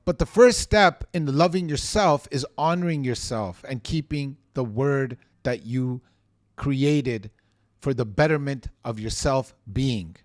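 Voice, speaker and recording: A man coaching on real estate sales in a motivational teaching monologue, energetic, emphatic and given to ranting. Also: mid-range voice, slow pace, no echo, studio quality.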